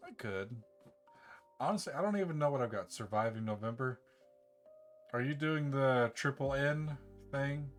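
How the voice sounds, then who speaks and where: A man's voice: medium pitch, moderate pace, pauses often, faint music behind. Rambling man chatting on a live stream. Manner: rambling, relaxed, with laughs and filler restarts. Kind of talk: casual live-stream chat.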